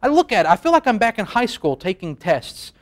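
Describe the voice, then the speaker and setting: Man in his 30s, fairly high voice, rambling self-mocking host monologue, studio. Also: big pitch swings, fairly quick. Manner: rambling, self-deprecating, laughs at own jokes. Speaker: late-night show host. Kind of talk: comedic monologue. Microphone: facing a camera.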